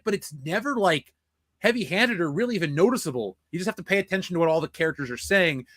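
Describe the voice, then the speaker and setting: A young man in a casual film review chat, rambling with an excitable, swearing energy. His voice sits a little high and sounds bright and forceful. The sound is dry and close, with no room echo. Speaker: podcast co-host.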